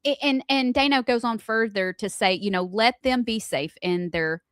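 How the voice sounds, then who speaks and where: A woman co-hosting a radio morning show, talking loudly and with lots of emotion in casual banter. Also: on the high side, normal speed, dry recording. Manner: loud, animated, talks with emotion.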